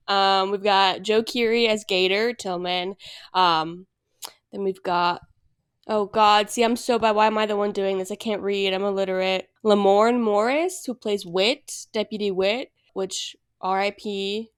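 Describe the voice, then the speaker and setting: A woman's voice: mid-range voice, smooth. A young woman co-hosting a casual podcast, rambling with lots of fillers and self-deprecating asides. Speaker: podcast co-host. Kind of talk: casual chat.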